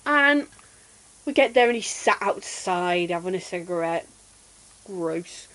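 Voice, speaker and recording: A woman streamer chatting casually and telling an animated childhood story while gaming. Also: on the low side, slow, rough recording.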